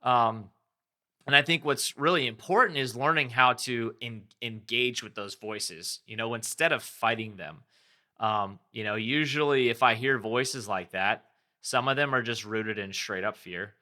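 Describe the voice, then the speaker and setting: A man's voice: medium pitch, unhurried, pushed and bright. A man hosting his own podcast, talking candidly and rambling a little, correcting himself as he goes. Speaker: podcast host. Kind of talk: reflective solo podcast talk.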